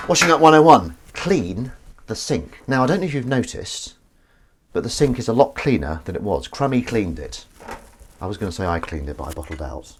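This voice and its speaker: A man with a fairly low voice speaks over a noisy background of clinking dishes and cutlery. He's hosting a relaxed livestream from his kitchen at home, chatting and reading comments while washing up. He rambles, is self-deprecating, and reads the chat aloud.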